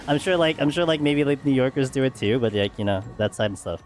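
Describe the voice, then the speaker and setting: A man's voice: mid-range voice, fast, few pauses, soft background music. A man streaming a game, chatting casually with friends in a loose, rambling way and laughing often. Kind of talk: casual chat while gaming.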